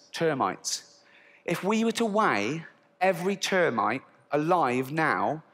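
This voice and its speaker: Comedian with a raised voice in a reverberant hall. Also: male voice, on the high side. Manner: crude, deadpan shock punchlines, frequent laughter at own jokes. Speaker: stand-up comedian. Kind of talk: stand-up routine. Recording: long reverb of a large hall.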